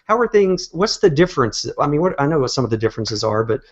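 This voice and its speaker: A man's voice: fairly high pitch, sing-song, fast. Male podcast host, rambling casual questions, dull lo-fi sound. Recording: dull lo-fi audio.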